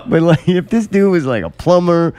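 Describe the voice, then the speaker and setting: A man's voice: fairly high pitch, lively intonation, normal speed, dark tone, smooth. A man hosting a casual podcast, telling stories with plenty of swearing and laughter. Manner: profane, laughing storyteller. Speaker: podcast host. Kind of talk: casual chat.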